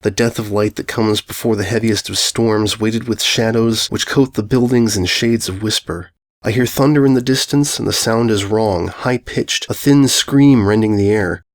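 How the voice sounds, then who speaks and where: A man narrating a first-person ghost story aloud, in a brooding, unhurried, musing way. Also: lowish voice. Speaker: audiobook narrator.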